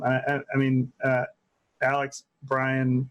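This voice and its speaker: A man's voice: mid-range voice, fairly even intonation, a little fast. A man co-hosting a casual podcast chat, hesitant and stammering through his restarts.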